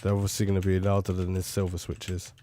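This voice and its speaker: A man's voice: sits low, monotone, fast talker, dark tone, a little hiss or hum. A man talking casually and rambling a little as he tests a studio condenser microphone at his desk at home. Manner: rambling, chatty, self-commenting. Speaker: tech reviewer. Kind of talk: casual microphone test talk. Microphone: close studio condenser mic.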